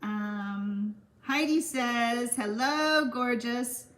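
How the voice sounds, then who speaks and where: Chatty woman, casual craft-stream host, giggles easily, slightly high-pitched. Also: extremely slow. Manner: chatty and giggly, warm toward viewers. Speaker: stamping craft livestream host. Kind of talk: casual livestream chat reading viewer comments.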